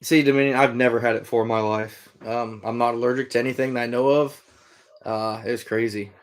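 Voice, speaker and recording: A man's voice: medium pitch, fairly even intonation, fast. Easygoing middle-aged man chatting on a livestream. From Iowa. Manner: easygoing, rambling, with frequent fillers. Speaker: livestream host, trapper and hunter. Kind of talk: casual livestream chat answering viewer comments.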